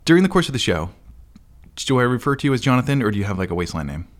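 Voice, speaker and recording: A man's voice: medium pitch, big pitch swings, racing. A male podcast host chatting casually with a guest, laughing easily and rambling loosely. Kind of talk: casual interview chat.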